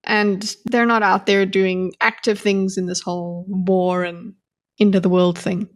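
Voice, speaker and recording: A woman co-hosting a book-club podcast, talking earnestly and thinking out loud with many restarts. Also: mid-range voice, level tone, a little slow. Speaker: podcast co-host. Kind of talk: casual book-club chat.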